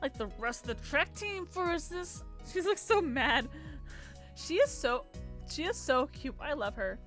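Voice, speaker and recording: A woman's voice: sits high, very animated, unhurried, a bit bright, soft background music. A young woman streaming a visual novel, giggling, gushing and chatting casually. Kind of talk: casual game playthrough commentary.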